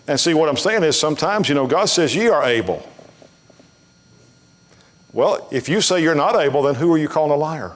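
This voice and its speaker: A man's voice: on the high side, big pitch swings, fairly quick, long pauses. A man preaching a sermon as pastor, telling folksy stories bluntly and building to emphatic preaching. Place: church sanctuary. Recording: long hall reverb of a church.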